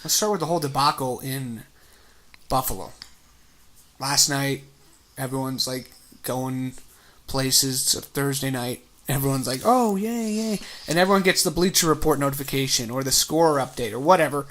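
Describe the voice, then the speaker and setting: A man's voice: medium pitch, moderate pace, fairly bright tone. A man co-hosting a casual sports podcast, rambling and joking with sarcastic asides. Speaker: podcast co-host.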